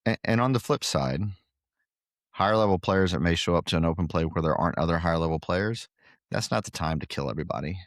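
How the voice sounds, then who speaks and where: Deep-voiced man telling stories, dry sound. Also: lively intonation, fast talker, no echo. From Guatemala. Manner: jokey, self-deprecating storyteller. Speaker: podcast guest, pickleball club owner. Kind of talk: casual interview chat.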